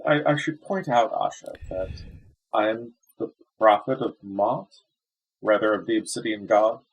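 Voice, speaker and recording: Brief: husky male player, unhurried, blunt and sweary. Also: lowish voice, lo-fi sound.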